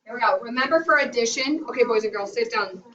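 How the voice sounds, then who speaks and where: A woman's voice: on the high side, fast talker, a bit bright, slight background noise. A woman teaching a classroom math lesson to young children, leading them in sing-song call-and-response. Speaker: kindergarten teacher. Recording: roomy, distant, dull classroom recording.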